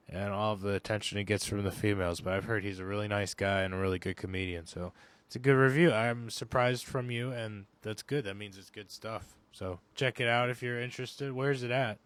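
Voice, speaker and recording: A man's voice: on the low side, fairly even intonation, fairly quick, a bit bright, clear, resonant tone, no room sound. A man co-hosting a comedy podcast, bantering playfully with jokes and swearing. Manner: playful, joking, profane banter. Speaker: podcast co-host. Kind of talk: casual podcast chat.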